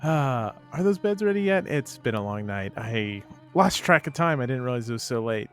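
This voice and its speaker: A man's voice: medium pitch, lively intonation, moderate pace, fairly bright tone, faint music behind, close to an everyday voice. A man voicing a weary, dry middle-aged female house cleaner.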